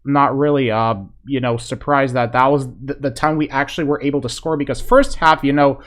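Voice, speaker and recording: A man's voice: medium pitch, a little fast. Male vlogger, casual football reaction, rambling and hyped, mid-range voice. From Polish fan. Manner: excitable, rambling, lots of fillers like "man" and "you know". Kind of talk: casual video reaction commentary.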